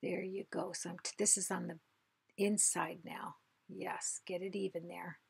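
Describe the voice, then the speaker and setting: A woman hosting a card-making tutorial, chatting casually as she works and often dropping into a soft half-whisper. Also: lowish voice, little pitch movement, moderate pace, no echo. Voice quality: husky, creaky voice. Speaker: craft video host. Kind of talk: casual craft tutorial narration.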